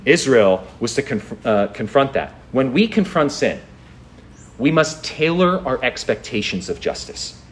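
A man's voice: mid-range voice, sing-song, measured pace, slight background noise. A man pastor preaching a sermon, reading scripture aloud and pressing his point with incredulous rhetorical questions.

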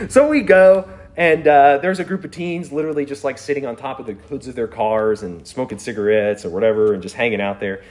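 A man's voice: mid-range voice, moderate pace, a little mellow. A man preaching a sermon in a conversational, storytelling way, chuckling now and then. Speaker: pastor.

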